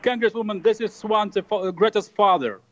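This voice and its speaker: A middle-aged "Swedish" dad on a prank call, as a man puts him on, though his Russian accent shows through. He talks in halting bits full of fillers, in a slightly raised voice. The phone line sounds dull and muffled. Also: high-pitched, fairly bright tone. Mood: conspiratorial. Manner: halting, filler-heavy delivery.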